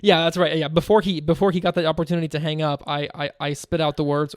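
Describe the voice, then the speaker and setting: A man's voice: fairly high pitch, flat delivery, fast talker, smooth, no echo, clean studio sound. A man co-hosting a casual gaming podcast, telling stories animatedly and laughing as he goes. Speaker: podcast co-host. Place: home.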